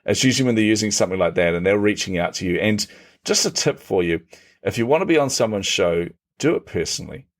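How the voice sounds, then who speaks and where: Speaking fast in a fairly low voice, this middle-aged podcast guest spins conversational stories. He laughs a lot, stays animated, and acts out quotes from other people.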